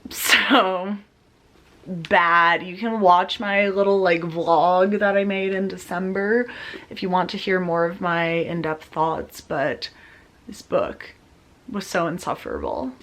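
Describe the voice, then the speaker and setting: A young woman chatting casually to the camera about books, full of fillers and animated retellings. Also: fairly low pitch, slow pace. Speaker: book vlogger. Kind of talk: casual vlog chat. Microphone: camera mic, talking close to camera.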